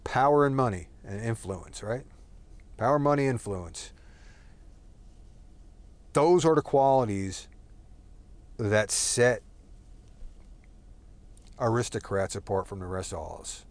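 A man's voice: fairly low pitch, takes it slowly, pauses often. A man talking in a casual, rambling monologue, thinking aloud and giving his opinions.

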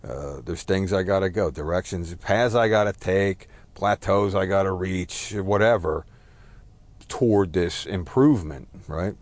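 A man's voice: low-pitched, unhurried, no room sound. A man talking through a rambling, self-deprecating personal monologue, swearing now and then and apologizing for it.

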